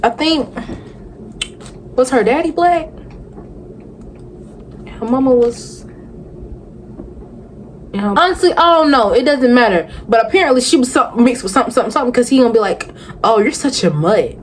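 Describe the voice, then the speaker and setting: Young woman vlogger, animated and sassy casual recap, light hiss behind. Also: high voice, moderate pace, long pauses, low-quality recording. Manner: animated, sassy, talks back at the screen with rhetorical questions. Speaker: vlogger reviewing a reality show.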